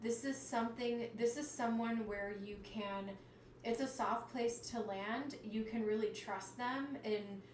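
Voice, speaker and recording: A woman giving a live tarot reading, chatty and animated, exclaiming over the cards as she goes. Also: fairly high pitch, a little slow, far from the mic, a little hiss or hum. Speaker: tarot reader. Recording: roomy sound, slightly off-mic, faint ambience.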